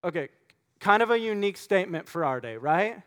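High-voiced man preaching a lively sermon. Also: brisk, clear, resonant tone. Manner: animated storytelling, acting out voices. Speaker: pastor.

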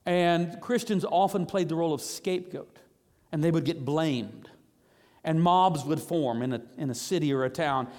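A man preaching a sermon as pastor, animated and emphatic, with sudden rises in pitch on key words. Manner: animated preaching, rising to high emphatic bursts. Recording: long hall reverb.

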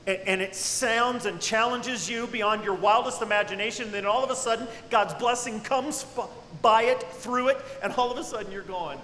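A man preaching a sermon with great dynamics, dropping to hushed tones and then rising to cries. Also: very high-pitched, moderate pace, slight background noise. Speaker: pastor. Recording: echoey hall with long reverb.

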